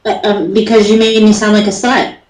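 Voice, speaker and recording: An easygoing woman from the United States chats as a guest and laughs often. Her voice sits at a middle pitch, and it carries an echo from the room she is in. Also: little pitch movement, brisk, a little hiss or hum. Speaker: guest caller. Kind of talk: casual chat.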